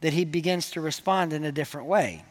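A man's voice: on the high side, fast talker. A man preaching a sermon to his church in a conversational, joking way, acting out the quoted lines. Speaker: pastor.

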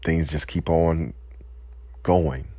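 A man giving an impassioned, emotional speech, weary and close to tears, pausing to collect himself. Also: a bass voice, steady tone, dark tone, dry recording. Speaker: speaker addressing listeners.

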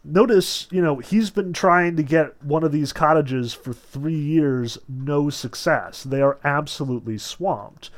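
The man's voice runs on the high side, measured in pace with almost no pauses. He lectures informally on literature, chatty in tone, peppering his talk with "like" and "notice" while reading from a novel.

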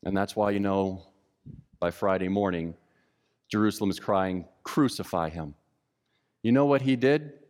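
A man preaching a sermon who acts out the indignant voices of the crowds with lively emphasis. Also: on the low side, moderate pace, long pauses, long reverb tail. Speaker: pastor.

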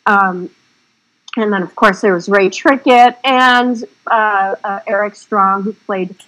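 A woman's voice: medium pitch, slow pace, a bit bright, rough recording. A woman film director telling stories in a casual interview. She talks in a chatty, rambling stream, with a frank and salty edge.

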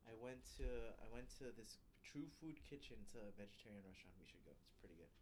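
A young man in casual chat with a friend, telling stories in a loose, profane, animated way. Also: lowish voice, fast talker, slight background noise.

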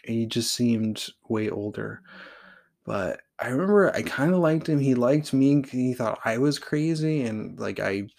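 A man's voice: medium pitch, expressive, a little slow, creaky, darkish tone. A man in his thirties from Oregon hosting a podcast, telling personal stories in a rambling, blunt way and saying "like" constantly. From Oregon, USA. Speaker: podcast host. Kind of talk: casual personal storytelling.

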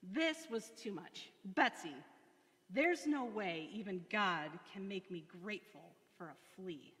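A woman's voice: medium pitch, animated, slow, fairly bright tone. A woman voicing a distressed young woman prisoner who exclaims in anguish. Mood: exasperated. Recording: long hall reverb.

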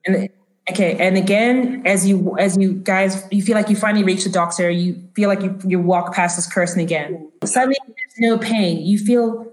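A woman's voice: medium pitch, steady tone, darkish tone. Woman game master in a roomy space. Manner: halting, full of restarts and fillers. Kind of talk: narrating a tabletop game. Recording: roomy echo.

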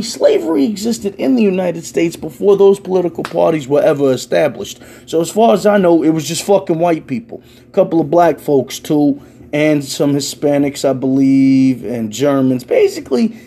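A young man, delivering a loud, profane rant in a casual stand-up style. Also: fairly high pitch, vocal fry, breathy edge. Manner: loud, swearing, ranting, animated. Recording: faint background noise.

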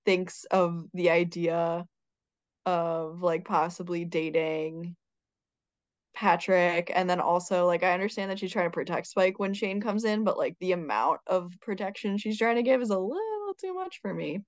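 A woman's voice: fairly low pitch, moderate pace, dry recording. A woman co-hosting a podcast, chatting in a playful, opinionated way. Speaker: podcast co-host. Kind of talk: casual chat. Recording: dry, dull lo-fi mic.

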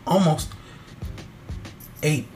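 A man's voice: extremely slow, a little mellow, faint music behind. A young man co-hosting a podcast in casual banter, rambling with restarts. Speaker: podcast co-host.

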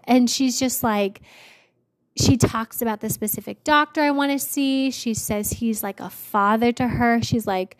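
A woman telling a personal story to her viewers in casual chat, talking in a chatty way full of "like" and getting excitable as she goes. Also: measured pace. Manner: chatty, lots of "like", bursts of laughter; excitable, jumps up in pitch when thrilled. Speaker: vlogger.

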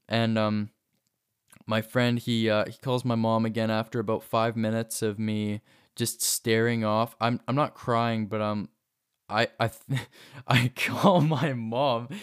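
A man's voice: medium pitch, clean tone. A young man casually telling a personal story, rambling with many fillers and restarts. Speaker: vlogger.

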